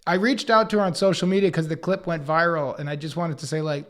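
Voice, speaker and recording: A comedian and podcast co-host, a man, telling anecdotes in an animated way and acting out other people's lines. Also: on the high side. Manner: acts out others' lines in quick put-on voices; swears casually, riffs fast.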